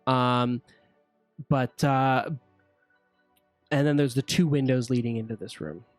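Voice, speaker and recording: A man runs a tabletop game in an easy, halting way, full of fillers and restarts. His voice sits at a middle pitch and sounds dry and close, with faint music underneath. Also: no echo. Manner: relaxed, halting narration with fillers. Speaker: game master.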